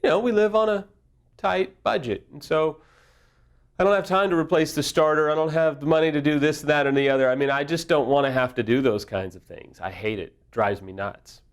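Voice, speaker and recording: A man's voice: fairly high pitch, a little fast. A middle-aged man giving a candid, self-deprecating talk on recovery, mixing humor with open vulnerability. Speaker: affair recovery speaker. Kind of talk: candid casual teaching talk.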